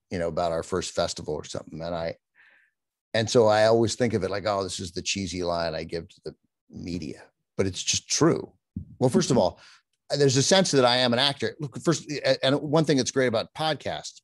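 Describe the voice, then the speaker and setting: A middle-aged man, a film channel host, talking in an animated interview, often breaking off and restarting his sentences. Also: on the low side, a little fast, dry recording. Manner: animated, self-interrupting, does mock newscaster voices. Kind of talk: conversational interview.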